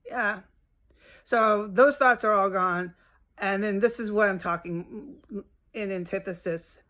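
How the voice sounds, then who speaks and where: A woman's voice: medium pitch, takes it slowly, a bit bright. Exasperated woman ranting at home. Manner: rambling, exasperated, profane. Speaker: vlogger. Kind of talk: casual venting monologue.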